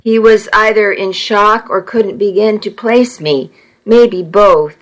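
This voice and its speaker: A woman narrates a novel in the first person, earnest and measured. She takes her time over every phrase, in an ordinary middle-pitched voice. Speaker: audiobook narrator.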